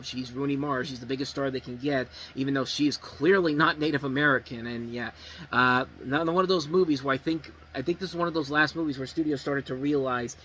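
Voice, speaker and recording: Bright-voiced rambling movie reviewer. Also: male voice, fairly high pitch, slight background noise, rough recording. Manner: rambling, blunt, profane.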